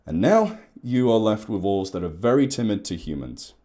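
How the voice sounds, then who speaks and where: A man's voice: fairly low pitch, expressive, moderate pace, warm tone. A man, an ecologist chatting at length and in a rambling way as he explains to camera.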